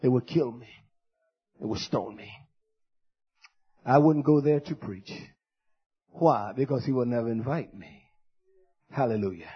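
Fiery husky preacher man. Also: measured pace, long pauses, lo-fi sound. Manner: loud, shouting denunciations that drop to low muttered asides. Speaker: pastor. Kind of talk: fiery sermon.

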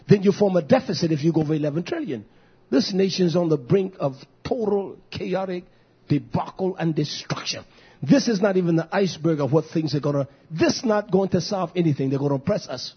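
A male pastor preaching a fiery sermon, swinging between shouts and low mutters with drawn-out emphasis. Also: lively intonation, slightly rough. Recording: dull lo-fi recording.

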